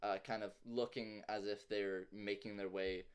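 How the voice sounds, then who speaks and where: A man's voice: fairly low pitch, level tone, normal speed, clean tone. A man narrating a tabletop game as game master, describing scenes loosely with many fillers.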